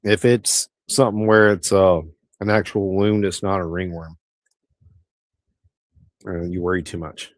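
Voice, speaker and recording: Brief: middle-aged male streamer, rambling, easygoing chat, deeper voice. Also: steady tone, a little slow, long pauses, dry recording. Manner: rambling, easygoing, with frequent restarts. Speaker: livestream host. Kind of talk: casual livestream chat answering viewer comments.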